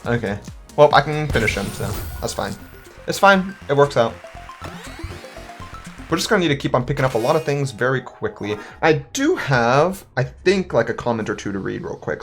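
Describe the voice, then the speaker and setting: A young man in his twenties casually talking through a video game, upbeat and rambling, often correcting himself. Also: mid-range voice. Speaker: gaming video host. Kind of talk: casual gameplay commentary.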